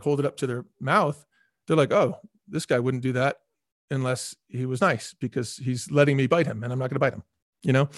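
A middle-aged man speaking as an interview guest, telling animated stories and acting out quoted dialogue with lots of fillers. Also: medium pitch, no room sound, clean studio sound. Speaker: guest, restaurant executive.

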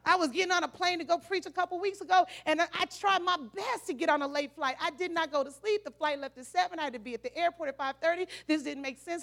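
High, gravelly-voiced woman preacher. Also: fast, hardly any pauses. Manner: emphatic, repetitive, breaks into shouted exhortations. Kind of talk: sermon.

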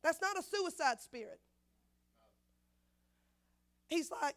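A woman preaching a sermon, repeating phrases and acting out the voices in her story, swinging from loud to hushed. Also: high-pitched, normal speed. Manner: dramatic swings of loudness, acts out quotes, repeats phrases.

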